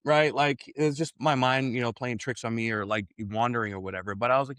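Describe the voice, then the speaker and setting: A man's voice: medium pitch, expressive, fast, few pauses, fairly bright tone, dry recording. A man speaking as a podcast guest, telling his story in an earnest, reflective way, with frequent "like" and "right?" in his casual speech.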